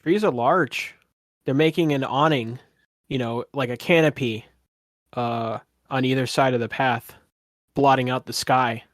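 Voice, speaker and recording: A man running a tabletop game as game master, narrating scenes in a soft, descriptive way with casual fillers. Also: mid-range voice, measured pace, no echo, clean studio sound.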